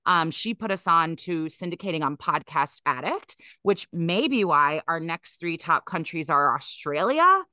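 A woman's voice: deep voice, expressive, unhurried, few pauses, bright, forceful tone, no echo, studio quality. A woman co-hosting a podcast in casual chat, chatty and laughing often, with many fillers. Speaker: podcast co-host. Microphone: podcast mic.

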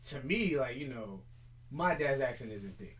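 A man's voice: medium pitch, animated, moderate pace. A young man from Charlotte, North Carolina, co-hosting a podcast, talking loosely with restarts and fillers. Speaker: podcast co-host. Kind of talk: casual chat.

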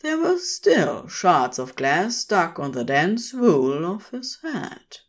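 Woman reading a fanfic out loud, slow and unhurried, voice swings a lot. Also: lowish voice. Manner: expressive storytelling. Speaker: podfic reader. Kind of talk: reading fan fiction aloud.

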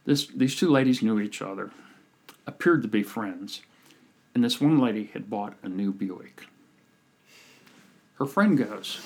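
Husky man telling animated stories. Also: on the low side, a little slow, pauses often. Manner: animated storyteller, acts out quoted people. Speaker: podcast guest, communication coach. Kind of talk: casual storytelling chat.

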